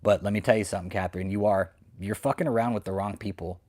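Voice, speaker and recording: An American man with a fairly low, slightly mellow voice talks fast with fairly even intonation. Host of a channel exposing cult leaders, he's at home with dogs barking nearby, delivering an angry, profane, confrontational rant that keeps going over the same points.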